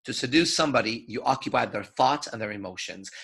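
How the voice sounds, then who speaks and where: A man's voice: medium pitch, fast, gravelly, a bit bright, breathy edge. A man giving a live lecture as a seduction coach, profane and playful, acting out his examples.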